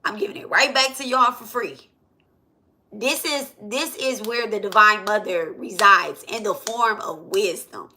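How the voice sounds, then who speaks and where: A woman's voice: medium pitch, unhurried, bright, forceful tone, a little hiss or hum. Woman teaching with repeated check-ins. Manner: repetitive, asks "okay?" and "right?" often. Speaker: spiritual teacher. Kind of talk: casual spiritual lesson.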